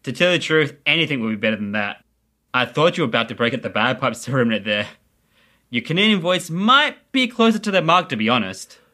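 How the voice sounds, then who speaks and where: An actor playing a dry, teasing young neighbor from Adelaide in an audio drama. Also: male voice, medium pitch, very animated, a little fast, sharp tone. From Adelaide, Australia.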